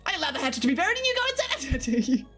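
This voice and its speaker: Australian woman, streamer, giggly chatty tone, slightly high voice, faint music behind. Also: big pitch swings, rapid-fire, fairly bright tone. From Queensland, Australia. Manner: giggly, chatty, talks to chat. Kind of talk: casual chat with live chat.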